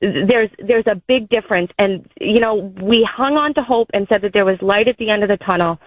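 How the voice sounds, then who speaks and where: A woman's voice: mid-range voice, moderate pace, no echo. A woman in her thirties calling in to a radio show, telling a story in a chatty, heartfelt way. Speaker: caller. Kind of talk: call-in over the phone. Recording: tinny phone line.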